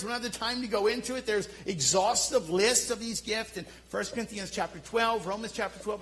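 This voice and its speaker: Animated Philadelphia-accented pastor preaching. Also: male voice, sits high, rough recording. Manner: animated, self-deprecating storytelling. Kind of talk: sermon.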